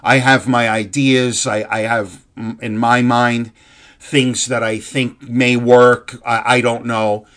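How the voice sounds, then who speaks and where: A man's voice: medium pitch, level tone, slow pace, a bit bright. Angry profane man ranting. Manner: angry, profane, rambling with restarts; earnest and heartfelt. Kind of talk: impassioned ranting monologue.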